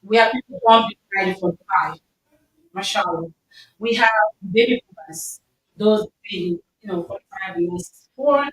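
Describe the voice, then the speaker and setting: A woman speaking earnestly and loudly to a mosque gathering, with an emphatic manner and a lot of repetition. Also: mid-range voice, normal speed. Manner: earnest, loud, emphatic, repeats herself. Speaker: community speaker. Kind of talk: informal talk to a mosque gathering. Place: mosque hall. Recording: echoey hall, distant mic, faint noise.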